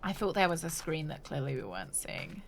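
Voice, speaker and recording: A woman's voice: low voice, very animated, fairly quick, vocal fry, a little hiss or hum. A woman streamer giving casual let's-play commentary, wry and joking, laughing often.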